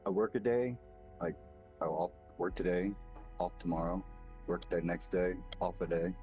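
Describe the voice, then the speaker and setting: A man's voice: sits low, moderate pace, darkish tone, faint music behind. A man calling in on a stream's voice chat, talking in a laid-back, offhand way. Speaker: viewer on voice chat. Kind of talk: casual chat.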